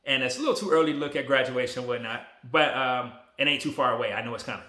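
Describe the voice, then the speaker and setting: A man in his forties talking casually to a phone camera, relaxed, emotional and motivational. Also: mid-range voice, rapid-fire, reverberant. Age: 40s. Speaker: vlogger.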